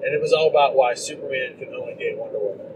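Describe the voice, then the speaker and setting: A man co-hosting a podcast, chatting casually about movies in a rambling, animated way and acting out quotes in mocking voices. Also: mid-range voice, fast. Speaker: podcast co-host. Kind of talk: casual movie-review chat. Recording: distant mic with clear background noise.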